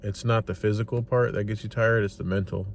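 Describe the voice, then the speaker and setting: A young man telling stories in a casual vlog, animated and swearing freely, tired after his workday. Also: on the low side, brisk, slight background noise. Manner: animated retelling, swears freely, acts out quotes. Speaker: rideshare driver and vlogger. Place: inside a parked car.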